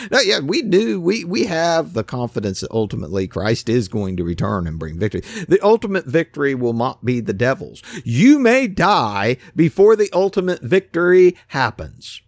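A man's voice: mid-range voice, big pitch swings, normal speed, hardly any pauses, dry recording. A man preaching a casual, folksy sermon who acts out the voices in his stories.

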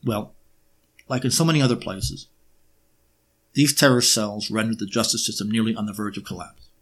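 A man giving a lecture-style monologue, often pausing on fillers and throwing in sarcastic rhetorical questions. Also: on the low side, a bit bright. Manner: frequent filler hesitations.

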